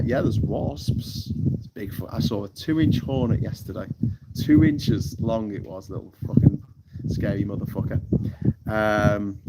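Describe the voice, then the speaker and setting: A British man hosting a live stream from a tropical island, chatting casually, reading out the live chat, swearing freely and laughing at his own jokes. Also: lowish voice. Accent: British English. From United Kingdom. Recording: loud background noise.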